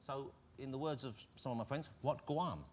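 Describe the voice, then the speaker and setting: A man hosting a chat show, teasing his guests with playful, quick jokes. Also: mid-range voice. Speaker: talk show host. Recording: studio with live audience laughter and noise.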